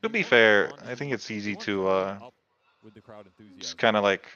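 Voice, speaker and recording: Bright-voiced man, not a native English speaker. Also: fairly low pitch, unhurried. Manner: searching for words, piling up fillers. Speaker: co-host. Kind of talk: casual chat. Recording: dull lo-fi audio.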